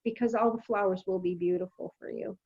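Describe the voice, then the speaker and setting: A woman medium giving a spirit message softly and reassuringly, often checking in with "okay?". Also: medium pitch, steady tone, brisk, breathy edge, muffled recording. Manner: soft, reassuring, repeats "okay?". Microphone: video call.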